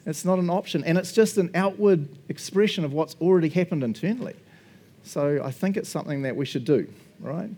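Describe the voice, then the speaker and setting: A man, a pastor, gives a relaxed, chatty sermon. His voice sits a little on the high side. He jokes constantly and laughs between points. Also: breathy edge. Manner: chatty and jokey, tag questions like "right?" and "eh?"; laughs often, acts out little quoted exchanges. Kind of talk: casual sermon.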